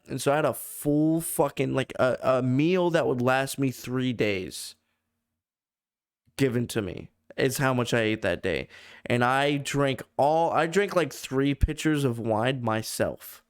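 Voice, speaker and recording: A man's voice: medium pitch, clear, resonant tone. A young American man on a casual podcast, telling crude, rambling stories and swearing a lot. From United States. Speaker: podcast co-host.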